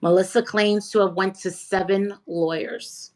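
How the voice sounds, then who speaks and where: A woman guest in a casual chat, talking in an animated, emphatic, gossipy way. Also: medium pitch, a little slow, low-quality recording. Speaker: interview guest.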